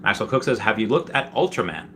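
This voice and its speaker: A man hosting a casual livestream, reading viewer comments and rambling excitedly, with many restarts and jokes. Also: fairly low pitch, fast talker, noisy background. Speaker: livestream host reading chat.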